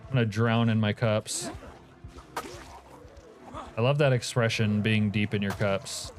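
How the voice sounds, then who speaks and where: A man's voice: fairly low pitch, steady tone, unhurried. Guy streaming a game, jokey rambly chat with his viewers, faint music playing behind him. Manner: joking, rambling, reacting to chat. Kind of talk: casual live-stream chat.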